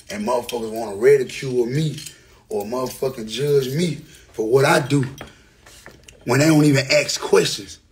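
A man's voice: mid-range voice, slight background noise. A man in his thirties with a Memphis Southern accent, ranting to the camera in an angry, profane way and hammering home repeated phrases. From Memphis, Tennessee. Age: 30s. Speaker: rapper. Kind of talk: heated rant to camera.

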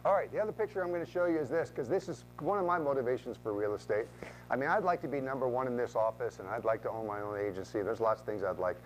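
A middle-aged man giving a motivational talk as a real estate speaker, telling stories with lively back-and-forth dialogue. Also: medium pitch, fast talker, slight background noise, poor audio. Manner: animated, acts out both sides of conversations.

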